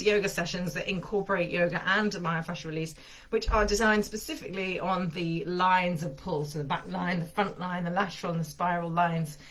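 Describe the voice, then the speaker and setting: A woman's voice: fairly low pitch, a bit bright. A woman teaching a massage and yoga lesson, chatty and enthusiastic, slightly out of breath as she demonstrates. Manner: chatty, enthusiastic, thinking aloud with fillers.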